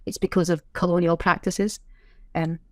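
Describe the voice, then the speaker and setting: A woman with a Scottish accent, a sign language interpreter being interviewed in casual chat, self-deprecating with quick asides. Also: fairly low pitch, level tone, darkish tone, no echo, clean studio sound. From Scotland.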